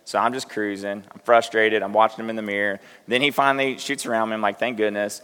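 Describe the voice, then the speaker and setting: This pastor's voice sits lowish, bright and forceful, clear and resonant, with fairly even intonation and a quick pace. Middle-aged and speaking in a church sanctuary, he gives a conversational sermon full of self-deprecating stories and direct questions to his listeners. Long hall reverb colors the recording.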